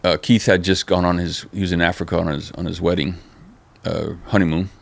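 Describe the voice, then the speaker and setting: Gravelly low-voiced man telling stories. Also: a little fast. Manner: profane, animated storytelling with lots of "dude" and "man". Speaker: interview guest, former skateboard company manager. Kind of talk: casual storytelling interview.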